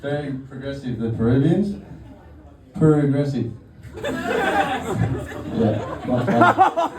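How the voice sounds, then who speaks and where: A man's voice: mid-range voice, huge pitch swings, takes it slowly, a crowd in the background. A young man doing a casual, crude stand-up set, often laughing through his own jokes. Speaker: stand-up comedian. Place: comedy venue, live audience. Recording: roomy venue audio from far off, noisy.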